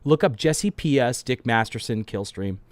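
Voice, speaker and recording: A man with a mid-pitched voice, rambling through casual commentary with plenty of swearing and restarts. The recording is dry and close, with no room sound. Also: animated, normal speed, no echo.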